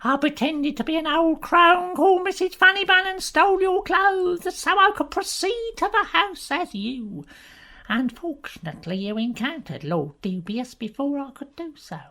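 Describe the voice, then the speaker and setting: A woman's voice: extremely high pitch, lively intonation, moderate pace, pushed and bright, full character voice. A woman voicing a theatrical spy who is a master of disguise in a comedy audio play, declaiming dramatically. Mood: explaining.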